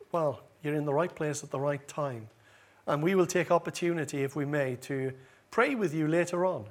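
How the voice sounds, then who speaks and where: A man preaching a sermon at a church service, earnest and building in volume on key phrases, with gentle asides and small hesitations. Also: on the high side.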